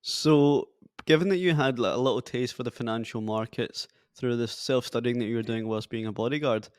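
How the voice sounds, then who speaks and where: A man's voice: mid-range voice, fairly quick, clear, resonant tone, dry recording, studio quality. A man hosting a podcast interview, asking long, carefully built questions. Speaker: podcast host.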